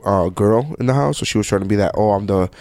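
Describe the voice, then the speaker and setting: A man's voice: lowish voice, fast, a little mellow. A man hosting a podcast in casual chat, blunt and joking, often talking over his guest. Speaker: podcast host.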